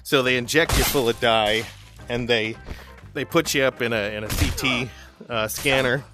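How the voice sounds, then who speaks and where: A man narrates a long personal story during gameplay for his gaming video, casual and chatty, often laughing and restarting sentences. His voice is medium-pitched and steady, at normal speed, with music in the background.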